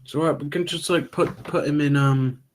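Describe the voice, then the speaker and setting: A man's voice: on the high side, steady tone, moderate pace. A man chatting casually as a player at a tabletop game, swearing now and then.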